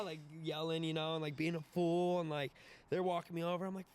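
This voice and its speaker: A young man in his twenties, a podcast guest telling a wild story in an animated, profane way, laughing and acting out the voices. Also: fairly high pitch, fast. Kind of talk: casual storytelling.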